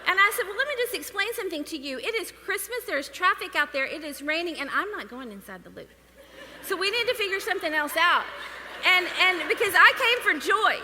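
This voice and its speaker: Animated high-voiced woman storyteller. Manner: animated, laughing storyteller acting out dialogue. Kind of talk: storytelling testimony in church. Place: church. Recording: reverberant hall with faint noise.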